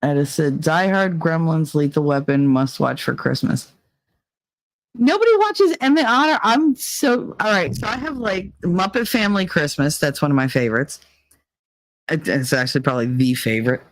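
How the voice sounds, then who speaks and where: A woman's voice: low-pitched, lively intonation, moderate pace, no echo. A middle-aged woman hosting a casual livestream, chatting with viewers, swearing and laughing as she jumps from topic to topic. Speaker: livestream host. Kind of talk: casual chat reading viewer comments. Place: dark cramped corner of a room.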